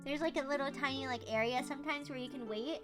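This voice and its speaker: A young woman with a very high, girlish voice chats casually on her stream, giggling often and swearing lightly as she talks. Soft music plays quietly in the background. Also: fast. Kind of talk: casual chat.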